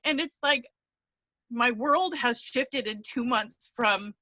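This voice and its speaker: A woman's voice: fairly high pitch, takes it slowly, sharp tone, no room sound. A woman on a video call telling her story, earnest and close to tears, rambling with restarts. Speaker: team member sharing her story. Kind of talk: emotional testimonial on a video call.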